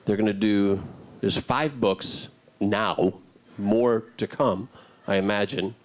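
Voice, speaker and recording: A man's voice: lowish voice, slow. A man answering fan questions on a convention panel, joking and telling stories playfully. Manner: playful, joking, animated storytelling. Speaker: panelist actor.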